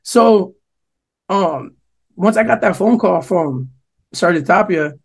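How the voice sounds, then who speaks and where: Husky young guy from jersey, swears a lot, rambles thru a story on a podcast. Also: high-pitched, takes it slowly. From New Jersey. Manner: profane, animated storyteller quoting others. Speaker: podcast co-host. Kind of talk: casual storytelling chat.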